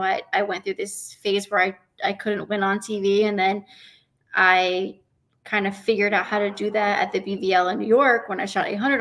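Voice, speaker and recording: Woman guest from Arizona, chatty and animated, quotes herself in lively bursts. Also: medium pitch. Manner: animated storyteller, acts out her own inner thoughts. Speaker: guest, professional bowler. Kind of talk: casual interview.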